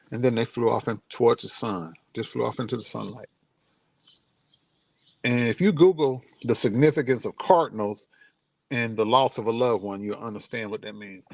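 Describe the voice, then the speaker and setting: A middle-aged man with a deep, gravelly voice speaks casually as a vlogger. His stories come out heartfelt and grieving, and he ends on warm words of encouragement. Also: no echo. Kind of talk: casual personal storytelling. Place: outdoors near his home.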